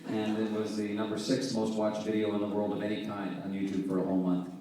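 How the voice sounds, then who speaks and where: A man from Halifax, Canada, a singer-songwriter telling a story between songs in a relaxed, conversational way. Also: on the low side, fast. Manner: relaxed, conversational, softly spoken. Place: theater stage. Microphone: distant camera mic in the audience. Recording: echoey theater, distant camera mic.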